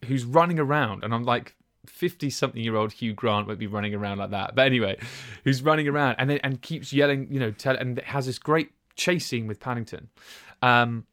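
A man's voice: medium pitch, a little fast, fairly bright tone, dry recording, clean studio sound. A man co-hosting a casual podcast chat, talking in a rambling, enthusiastic way. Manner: rambling, enthusiastic, many restarts and fillers. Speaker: podcast co-host.

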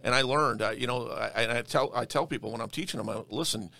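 Man, podcast guest, emphatic, repeats words, bright forceful voice, dry close sound. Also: medium pitch, fast talker, gravelly, dry recording. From Denver area. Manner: emphatic, repeats words when starting a thought. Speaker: real estate investor guest. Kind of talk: conversational podcast interview.

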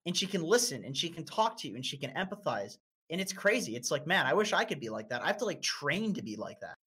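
A man's voice: quick pace, slightly rough. Twenties guy from north america, loose podcast chat, cusses a lot, voice jumps way up when he gets worked up. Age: 20s. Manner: animated, profane storyteller with sudden high-pitched outbursts. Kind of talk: casual chat.

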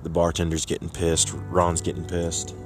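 Deep-voiced man telling a joke. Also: monotone, moderate pace, soft background music. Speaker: storyteller. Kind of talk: joke storytelling.

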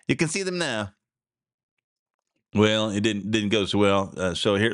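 A man's voice: lowish voice, a little slow, long pauses, fairly bright tone, clean tone, no room sound, clean studio sound. A man hosting a talk radio show, rambling through stories in a casual, folksy way with frequent chuckles and asides. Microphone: studio mic.

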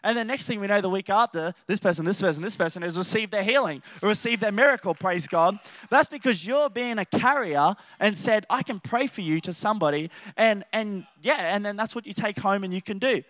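High, animated Australian male preacher. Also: brisk. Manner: animated, rambling storytelling with many restarts and laughs. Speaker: youth preacher. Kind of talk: casual sermon.

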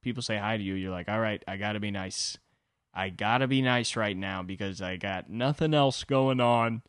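A man's voice: lowish voice, moderate pace, clear, resonant tone, dry recording, studio quality. A young man hosting a solo podcast, rambling through a self-deprecating comedic monologue and acting out the voices of the people in his stories. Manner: self-deprecating, animated, acts out quoted voices. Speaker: podcast host.

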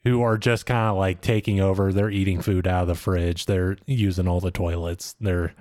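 A man's voice: sits low, level tone, moderate pace, darkish tone, no room sound, studio quality. A young man co-hosting a podcast, recapping a show in a casual storytelling way with wry remarks. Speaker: podcast co-host.

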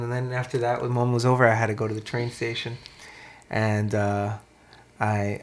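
A man in casual chat, telling a story in an animated, profane way, with lots of "man" and "dude". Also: medium pitch.

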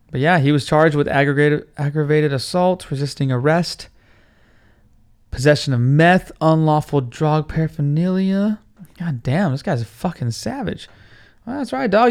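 A man's voice: fairly high pitch, smooth. A profane, rambling young guy. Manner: loose, profane, rambling storytelling. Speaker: podcast host. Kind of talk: casual monologue.

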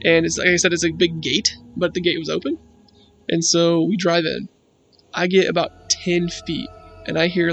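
A young man with a high-pitched, creaky voice casually tells a spooky story about his friends. He rambles and swears a lot, leaning heavily on "like".

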